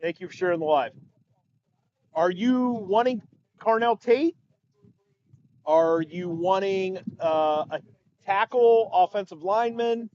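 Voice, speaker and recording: A man's voice: high-pitched, slow pace, long pauses, a little mellow, dull audio, a little hiss or hum. A man co-hosting a casual live sports podcast, chatting and thanking viewers in the stream chat. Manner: chatty, reads out viewer comments. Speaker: podcast co-host.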